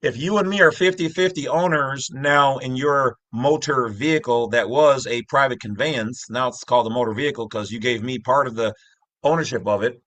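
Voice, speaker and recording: With a mid-range voice at normal speed and a fairly bright tone, a middle-aged host walks through something on screen in his own channel, recorded without echo. He's loose and chatty, drifting into jokey tangents and breaking off his own sentences often.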